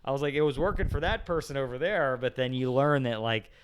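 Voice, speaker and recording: A man's voice: medium pitch, a little fast, a little hiss or hum. A man guest on a podcast, casually telling rambling stories about old jobs and acting out the voices of customers and himself. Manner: rambling storyteller, acts out voices of callers and himself. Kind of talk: casual chat.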